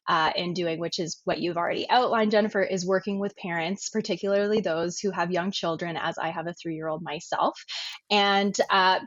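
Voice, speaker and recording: A woman in her thirties speaks as a podcast guest in a measured, articulate way. Her voice is dull and lo-fi, and the recording is dry and close with no room sound. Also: fairly low pitch, no room sound. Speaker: divorce coach, podcast guest. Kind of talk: podcast interview.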